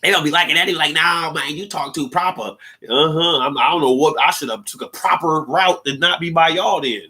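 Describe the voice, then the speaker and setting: A little high-pitched and quick, his voice sounds pushed and bright as he hosts a livestream podcast. The young Seattle man keeps his monologue casual and rambling, joking around with lots of slang and laughter.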